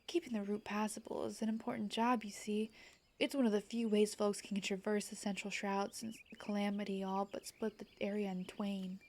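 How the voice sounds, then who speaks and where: A woman's voice: medium pitch, flat delivery, moderate pace, a little mellow, close to an everyday voice. A woman reading aloud the lines of a chatty, formal forest path guard from a game, one who admits to being afraid of heights. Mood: genteel. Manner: quaint, formal phrasing read aloud.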